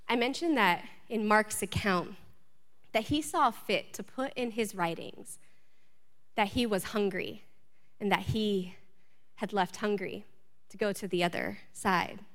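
A woman's voice: medium pitch, a little slow, pauses often, a bit bright. A woman preaching a sermon, building intensity through repeated rhetorical questions. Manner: impassioned, repetitive rhetorical questions. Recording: long hall reverb with faint music.

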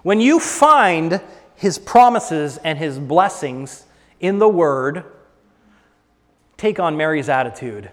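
A male pastor preaching a sermon, swinging between hushed lines and loud, drawn-out ones. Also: on the high side, very animated, long reverb tail.

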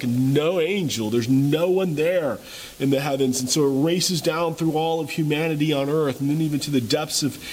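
Man, pastor, sermon, dramatic storytelling, rhetorical questions, higher voice, faint hiss. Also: low-quality recording.

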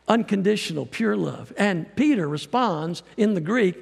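A man preaching a sermon as a pastor, folksy and animated, acting out quotes as he goes. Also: sits high, moderate pace, creaky, breathy edge, long reverb tail. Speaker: pastor and missionary.

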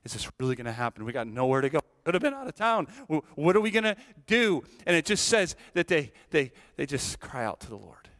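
Man, middle-aged, pastor, sermon, fairly high voice, hushed whispers, loud exclamations, repeats words. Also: sing-song, fairly quick, few pauses. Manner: repeats and restarts words often.

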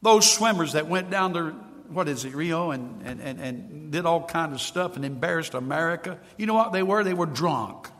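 A male pastor preaching a sermon in a church, swinging from loud emphatic lines to hushed ones. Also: fairly high pitch, moderate pace, hardly any pauses, big-room sound. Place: church sanctuary.

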